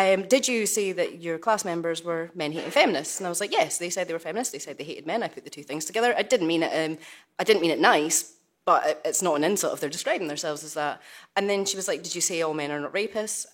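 Woman guest recounting her story; casual, filler-heavy, fairly low pitch, remote call sound. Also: fast talker, a little hiss or hum. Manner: chatty, colloquial, many fillers. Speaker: panel guest, law student. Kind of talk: telling her story on a panel.

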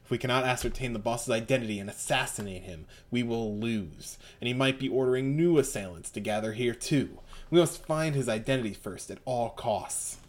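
A man voicing a calm, determined young gang leader in a game, giving measured commands. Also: mid-range voice, close to an everyday voice. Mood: urgent. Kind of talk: reading game dialogue aloud.

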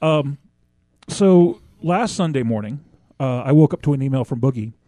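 A man's voice: medium pitch, animated, normal speed, dark tone, no echo. A man talking casually as a regular on a podcast, hesitant, with many ums and restarts. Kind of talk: casual chat.

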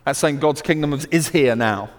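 A man with a British accent preaching a sermon, swinging from loud emphatic declarations to hushed storytelling. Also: fairly high pitch, moderate pace, in a large hall.

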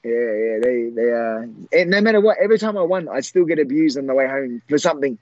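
A man in his forties, a former fighter, telling old fight stories in a rambling, halting way, full of fillers and restarts. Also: medium pitch, animated, darkish tone, no echo, dull audio. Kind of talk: casual storytelling.

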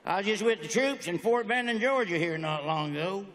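A man's voice: high-pitched, expressive, brisk, fairly bright tone. A man performing a stand-up comedy routine, telling folksy stories with brash, punchy one-liners. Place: stage in a large venue. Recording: echoey hall with faint ambience.

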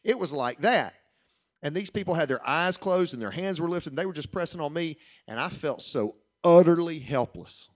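The middle-aged preacher's voice runs a little high and animated as he gives his sermon. He recounts a personal story earnestly, easing his pace to emphasize key lines.

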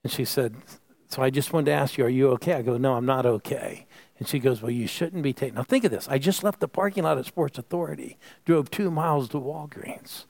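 A middle-aged pastor from Phoenix preaching a sermon, telling a personal story and calling on the congregation to repeat after him. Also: male voice, mid-range voice, brisk, creaky, a little mellow. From Phoenix, United States. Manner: call-and-response preaching, storytelling.

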